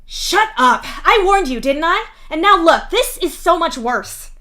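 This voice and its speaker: A woman voicing a sharp-tongued female troll who scolds loudly. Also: very high-pitched, expressive, a little slow, voice pushed up, heavily acted. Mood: snapping. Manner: snappish, scolding.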